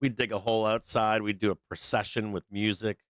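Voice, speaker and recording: A hoarse man hosting a live trading show, giving loose, profane, rambling market commentary on a close microphone. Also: lowish voice, steady tone, brisk, a bit bright, no room sound. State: hoarse, losing his voice.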